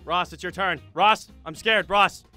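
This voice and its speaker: A man's voice: sits high, unhurried, pushed and bright, soft background music. A man hosting a casual gaming session with friends, giggling and bursting into laughter as he talks. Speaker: host.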